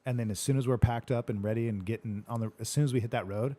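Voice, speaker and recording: Fast-paced male podcast host, casual and profane, animated retelling. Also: medium pitch. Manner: swears a lot, retells arguments animatedly. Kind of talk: casual chat.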